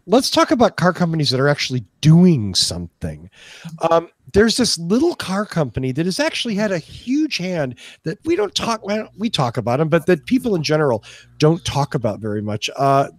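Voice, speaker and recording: A man's voice: fairly high pitch, wildly swooping pitch, moderate pace, no echo. A man co-hosting a podcast, chatting casually and joking, with hesitant restarts. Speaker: podcast co-host. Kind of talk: casual chat.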